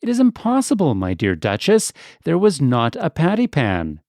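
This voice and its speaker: A man's voice: a little high, huge pitch swings, normal speed, darkish tone, no room sound, studio quality, pitched above the performer's own voice. A man putting on a prim, proper lady cat. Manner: genteel, disapproving, matter-of-fact.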